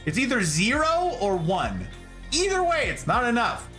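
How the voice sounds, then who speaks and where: A male streamer with a lively, swooping voice that keeps rising and falling as he chats with his viewers. He gushes and laughs easily. Soft music plays behind him. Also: very high-pitched, normal speed. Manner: chatty, effusive, often laughing. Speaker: live streamer greeting chat. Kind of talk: casual live-stream chat.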